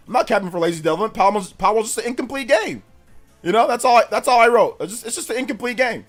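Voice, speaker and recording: Laid-back male streamer, high voice, faint music behind, casual slangy chat. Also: expressive, rapid-fire, a bit bright. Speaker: livestream host.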